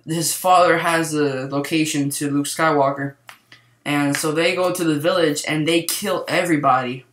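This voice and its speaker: A young man rambling excitedly through a casual movie review, full of fillers and restarts. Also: a little high, normal speed, slight background noise. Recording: echoey room.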